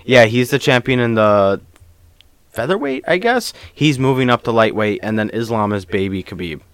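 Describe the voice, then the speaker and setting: Man, podcast co-host, mid pitch, easygoing, dry close mic. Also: sing-song, a bit bright, clear, resonant tone, no echo. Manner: agreeable, quick backchannels, plays devil's advocate. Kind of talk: casual sports chat.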